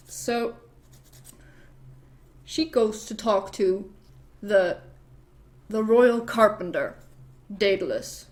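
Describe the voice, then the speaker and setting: A woman's voice: mid-range voice, extremely slow, long pauses. Rambling woman retelling a myth. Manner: rambling, swears freely, laughs, easily distracted. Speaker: vlogger. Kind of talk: casual myth retelling while painting nails.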